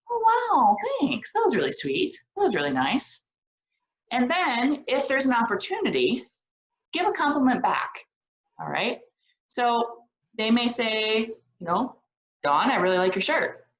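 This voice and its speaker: A woman leading a social skills lesson for students, animated and often checking in with short questions. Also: fairly high pitch. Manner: animated, keeps checking in with "okay?". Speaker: program director teaching social skills. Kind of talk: lively classroom video lesson. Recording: echoey room.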